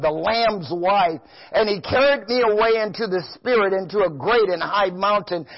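A man preaching a sermon, reading scripture slowly and breaking into exclamations. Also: high voice, breathy edge, lo-fi sound.

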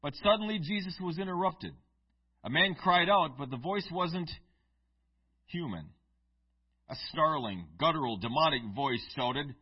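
A man's voice: fairly high pitch, animated, unhurried, long pauses, slightly rough, muffled recording. A male pastor reading scripture aloud and then preaching a sermon in a conversational storytelling manner with asides to the congregation.

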